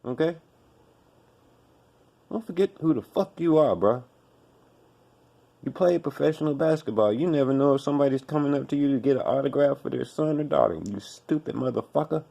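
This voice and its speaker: A man rants on his own podcast, blunt, profane and scolding. His voice is mellow and warm rather than bright, and his pitch sits at an average height for a man. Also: brisk, creaky, pauses often. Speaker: podcast host. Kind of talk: profane commentary rant.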